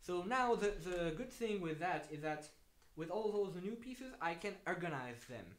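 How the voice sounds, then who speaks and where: A man's voice: high voice, animated, moderate pace. A man with a French accent, a native French speaker, chatting casually with viewers on a live stream while he builds, rambling and hesitant. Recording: echoey room with faint noise.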